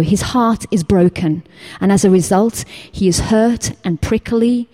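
A woman teacher from England giving an informal sermon, full of personal stories, acting out quotes and dropping to a whisper at times. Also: medium pitch. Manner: animated storytelling, acts out quotes, drops to whispers. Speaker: teacher giving a church talk.

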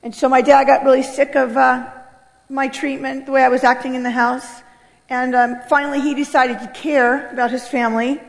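Gravelly woman in a reverberant hall. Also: high voice, flat delivery, moderate pace. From United States. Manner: earnest storytelling with emotional swells. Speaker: speaker giving a testimony. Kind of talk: personal testimony.

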